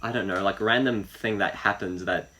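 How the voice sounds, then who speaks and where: This podcast co-host has a fairly low voice with a bright, forceful tone, normal speed, and fairly even intonation. His casual chat wanders, packed with fillers and false starts.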